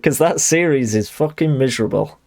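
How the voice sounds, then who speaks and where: A man's voice: medium pitch, lively intonation, brisk, gravelly, a little mellow. A young adult man, streaming a game and chatting in a rambling, self-deprecating way. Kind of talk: casual chat while gaming.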